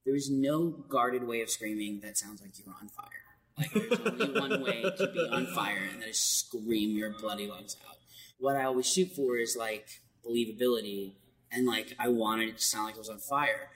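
A voice actor with a medium-pitched voice tells stories at a moderate pace in a casual interview, animated and laughing often. He sounds far from the mic, in an echoey hall with faint background noise.

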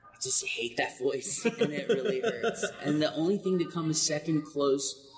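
A man voice actor with a light, high voice, chatting animatedly in an interview and laughing between quick asides. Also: animated, in a large hall, over music, poor audio. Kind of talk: casual interview storytelling.

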